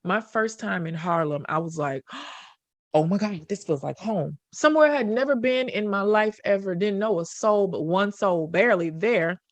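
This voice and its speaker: Animated woman telling a story. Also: medium pitch, no echo. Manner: animated storytelling with voiced quotes. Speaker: podcast host. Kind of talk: casual chat.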